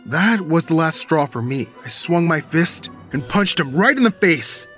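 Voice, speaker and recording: A man telling a first-person story in scripted storytime narration, dramatic and bursting into shouted lines. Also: a little high, expressive, measured pace, soft background music.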